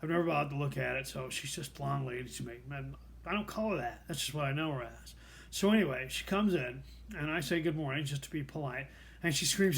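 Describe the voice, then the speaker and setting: A man's voice: a little high, brisk. A middle-aged man hosting a show, telling a personal story in a dry, wry, self-deprecating way. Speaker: host.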